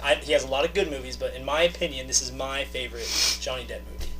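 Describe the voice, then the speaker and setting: A man's voice: mid-range voice, steady tone, fast talker, sharp tone, faint music behind. A young man in his twenties hosting a casual movie podcast, rambling and joking, often breaking into laughter. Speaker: podcast host. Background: friends chatting and laughing.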